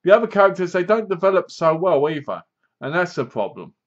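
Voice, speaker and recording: A man's voice: sits high, big pitch swings, a little fast, muffled recording. A man giving a casual, rambling spoken review of a horror film, often restarting his sentences. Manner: rambling, loose, many restarts. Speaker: movie reviewer.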